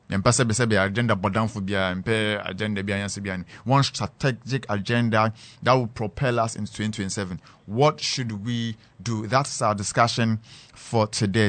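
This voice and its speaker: A man with a Ghanaian accent hosting a live radio talk show from a studio, slipping between English and Fante in a drawn-out announcer style. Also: on the low side, a bit bright, no room sound. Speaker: radio host.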